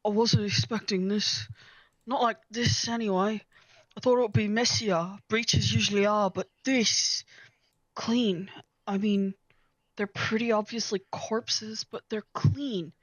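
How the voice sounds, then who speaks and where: Woman voicing a squad leader, calm, matter-of-fact orders, dry sound. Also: medium pitch, a little slow, no echo, lightly acted, low-quality recording. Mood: businesslike. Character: calm female squad leader at a dead site.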